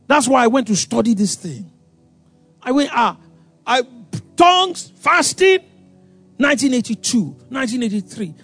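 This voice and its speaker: A man preaching a sermon, animated and acting out voices, with sudden loud outbursts. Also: high voice, husky. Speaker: pastor.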